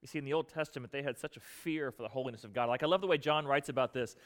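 A man preaching a sermon in a conversational way, with casual slang and rhetorical questions, dropping to a hushed low voice for solemn points. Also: racing, long reverb tail. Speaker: pastor.

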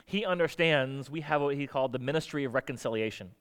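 A man's voice: medium pitch, fast talker, a bit bright, smooth. Conversational man preaching a sermon. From United States. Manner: conversational, acts out quoted voices. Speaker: pastor.

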